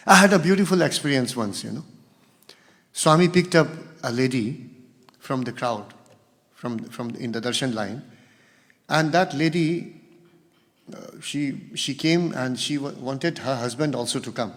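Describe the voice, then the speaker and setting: A man's voice: fairly high pitch, animated, measured pace. A man giving a spiritual talk as guest speaker, telling stories and acting out the quoted dialogue. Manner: storytelling, acts out quoted dialogue. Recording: long hall reverb.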